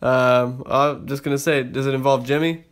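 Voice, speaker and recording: A man's voice: mid-range voice, steady tone, moderate pace, clean tone. A man co-hosting a podcast in casual chat, laid-back, reacting briefly and laughing often. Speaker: podcast co-host.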